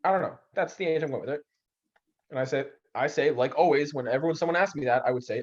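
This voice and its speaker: A man's voice: on the high side, quick pace. A young man in casual podcast chat, telling stories with lots of energy and acting out the people he quotes. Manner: animated, acts out quoted voices. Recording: slightly dull lo-fi audio.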